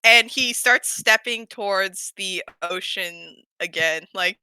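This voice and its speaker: Woman, role-play player, giggly, halting, slow, bright tone, lively pitch. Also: smooth, dry recording, poor audio. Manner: giggly, halting, full of fillers. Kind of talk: tabletop role-play storytelling.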